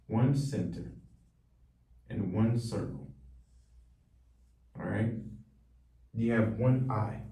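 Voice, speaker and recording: A man teaching as a wellness coach, repeating key phrases slowly for emphasis in an emphatic coaching tone. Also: on the low side, mellow. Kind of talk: teaching monologue. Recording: roomy echo, voice from far off.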